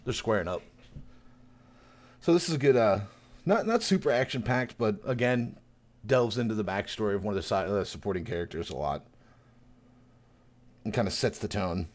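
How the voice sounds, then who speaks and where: Animated man retelling a story. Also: normal speed, long pauses. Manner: animated retelling, acting out characters with big pitch jumps and laughter. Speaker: podcast co-host. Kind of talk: casual chat recapping a chapter.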